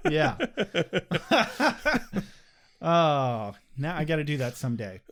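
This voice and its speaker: A man's voice: on the high side, huge pitch swings, extremely slow, a bit bright. A man co-hosting a podcast, chatting casually, joking and laughing often. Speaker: podcast co-host. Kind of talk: casual chat.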